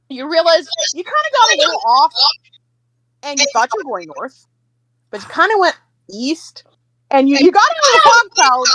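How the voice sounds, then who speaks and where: A woman's voice: sits high, no room sound. Lady running a tabletop game, chatty, lots of ums and laughs, dry close mic. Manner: chatty, lively, with hesitant fillers and chuckles. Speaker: game master.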